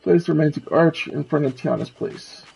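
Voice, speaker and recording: A man's voice: fairly high pitch, normal speed, vocal fry, darkish tone, husky, poor audio. A man streaming a game with casual commentary. He reads the quest text and the characters' lines aloud.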